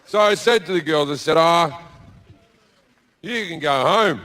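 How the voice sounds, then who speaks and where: A man's voice: fairly high pitch, expressive, a little slow, pushed and bright. An Australian man doing a stand-up set on a theatre stage, telling a crude story in a laid-back way and acting out the quotes. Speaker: stand-up comedian. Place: large theatre stage with live audience.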